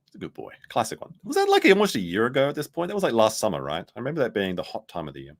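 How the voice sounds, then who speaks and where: A man's voice: mid-range voice, wildly swooping pitch, very fast. A man giving sarcastic, rambling commentary on clips as a streamer. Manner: sarcastic, rambling, mimics others in quotes.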